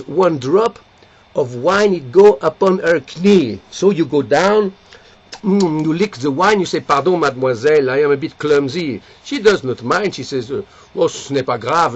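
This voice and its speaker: A man's voice: a little high, lively intonation, normal speed, slightly rough, muffled recording. A man playing a boastful French seducer. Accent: put-on French. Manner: broken English, theatrical and seductive. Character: smooth amorous Frenchman, boastful and theatrical.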